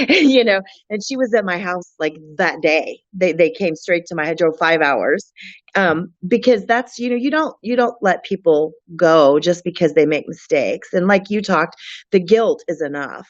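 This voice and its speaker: A woman speaking earnestly in an interview, with frequent restarts and a halting delivery. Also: on the low side, expressive, dry recording, muffled recording. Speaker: guest, friend of a missing woman. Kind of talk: emotional interview talk.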